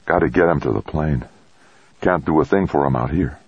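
A man voicing a steady, practical male astronaut who talks in short, terse phrases. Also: very deep voice, brisk, husky, no room sound, muffled recording, heavily acted. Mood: determined.

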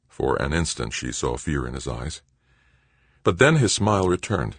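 A man narrating an audiobook in a measured, dramatic storytelling manner. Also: extremely low pitch, big pitch swings, husky, dry recording. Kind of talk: scripted narration.

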